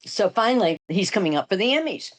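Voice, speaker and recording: An older woman from Texas, a guest in an interview, telling stories in a casual, animated way, acting out the voices of people she quotes and laughing often. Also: medium pitch, fast talker. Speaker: guest, actress.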